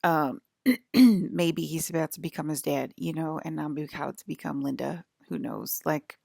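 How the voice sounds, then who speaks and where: Woman vlogger, low and gravelly, rambling and swearing a lot, annoyed, dry close sound. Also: measured pace, mellow, dry recording. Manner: profane, irritated rant. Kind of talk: rambling monologue.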